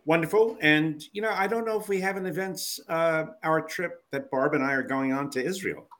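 A man's voice: a little high, moderate pace, a bit bright. A man co-hosting a podcast, chatty and telling stories in casual talk. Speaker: podcast co-host.

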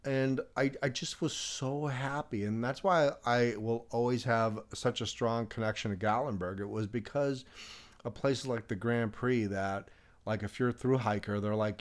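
A man's voice: on the low side, steady tone, a little slow. A man telling a long personal story in a casual chat, rambling with many restarts and fillers, often laughing as he talks.

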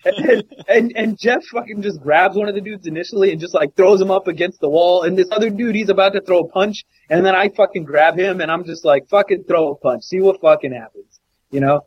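A man co-hosting a podcast, telling a story in casual chat, profane and animated with many restarts. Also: high voice, a little fast, hardly any pauses, husky, no echo, lo-fi sound. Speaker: podcast co-host.

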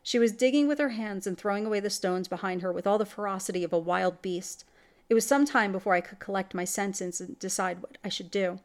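A woman's voice: medium pitch, fairly quick. A woman reading a classic gothic horror story aloud in scripted narration, with dramatic delivery. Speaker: story reader.

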